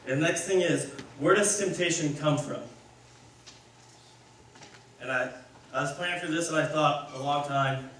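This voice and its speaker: A man preaches in a loose, rambling way, often restarting his sentences. His voice sits a little high for a man. It is heard from afar in a big echoey hall with faint room ambience. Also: moderate pace, pauses often, fairly bright tone, a little hiss or hum. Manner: rambling, conversational, self-correcting. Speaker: speaker. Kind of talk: casual sermon. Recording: echoey hall, mic far off.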